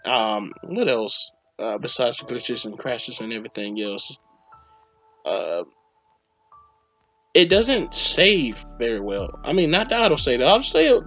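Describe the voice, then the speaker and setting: A man's voice: medium pitch, a bit bright. Man ranting casually about a game. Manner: rambling, acts out his own reactions. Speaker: podcast host. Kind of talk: casual game review rant. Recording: dull lo-fi recording with faint music.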